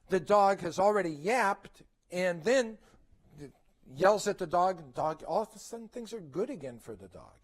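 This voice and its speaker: Speaking to parents at a conference, this middle-aged presenter keeps a conversational tone, tossing out rhetorical questions and frequently asking "okay?". His voice sits high.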